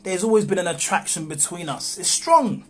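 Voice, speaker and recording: A man reading a young man who is backing out of an affair with a married woman, calm and measured, in a live script read-through over a phone. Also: high-pitched. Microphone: phone on a livestream.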